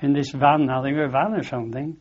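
A man's voice: medium pitch, steady tone, fairly quick. An older man with a Lancashire accent tells a long rambling story in a chatty interview, repeating "I said" and laughing at his own tale. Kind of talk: rambling anecdotal reminiscence. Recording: dull lo-fi recording.

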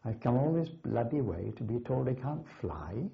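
A man's voice: medium pitch, big pitch swings, normal speed, vocal fry. An older man acting out a big, bold young Welsh cadet who defiantly refuses to accept being failed. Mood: indignant. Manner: defiant, shouting back. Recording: slightly dull lo-fi recording.

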